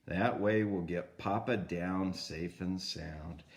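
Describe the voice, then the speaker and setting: A man's voice: sits low, slow, voice pushed down. An older man reading a storybook aloud, voicing a level-headed mother bear who keeps her head in a crisis. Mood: calm.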